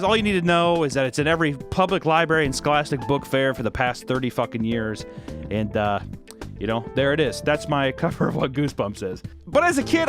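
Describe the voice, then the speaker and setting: Brief: young male comedy reviewer, lively swooping delivery, sarcastic and foul-mouthed, fairly high voice, music underneath. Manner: sarcastic, profane rants. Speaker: video reviewer. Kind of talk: comedic commentary.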